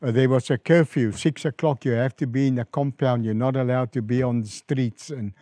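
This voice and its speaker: Animated South African pastor, dry sound. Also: male voice, brisk, no room sound. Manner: animated storyteller, rises in pitch and volume acting out quoted calls. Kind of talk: storytelling in an interview.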